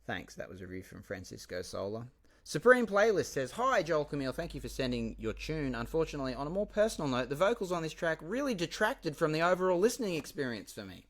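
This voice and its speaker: A man hosting his own podcast, talking casually on his own and swinging from quiet asides to loud, swearing outbursts. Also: a little high, very animated, quick pace. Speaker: podcast host and musician. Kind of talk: casual solo podcast monologue.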